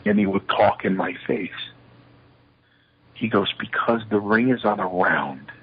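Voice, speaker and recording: Speaking in an unhurried, low and husky voice, an interview guest recounts stories shoot-interview style, animatedly acting out what others said. The recording is lo-fi and slightly muffled.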